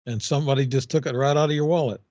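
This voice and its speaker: A man hosting an interview over a video call, asking short, curious questions and giving quick reactions. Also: mid-range voice, steady tone, darkish tone, dry recording, dull audio. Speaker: host. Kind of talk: casual interview.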